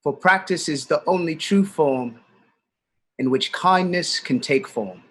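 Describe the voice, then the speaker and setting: A man's voice: fairly high pitch, a little slow, a bit bright, slightly rough. A man improvising an earnest, solemn recitation in a comedy scene over a video call.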